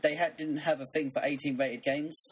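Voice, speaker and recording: A man's voice: a little high, fairly even intonation, fairly quick, slightly rough, rough recording. A young man co-hosting a casual podcast chat, chatty and playful, laughing often. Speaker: podcast co-host. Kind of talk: casual podcast chat about video games.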